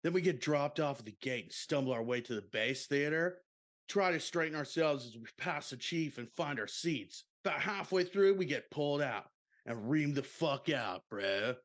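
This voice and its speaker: A man's voice: fairly high pitch, expressive, normal speed, fairly bright tone. A man doing a drawling surfer-dude story. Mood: laid-back. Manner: drawling, peppered with "dude" and "bro". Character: laid-back surfer-dude military man telling a party story. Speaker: podcast co-host reading a listener submission.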